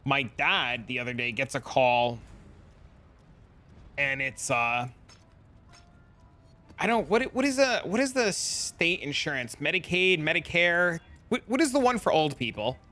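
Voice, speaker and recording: Bright-voiced rambling male streamer. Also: a little high, lively intonation, a little slow, pauses often, faint music behind. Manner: rambling storyteller, chats with viewers. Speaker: live streamer. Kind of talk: casual live-stream chat.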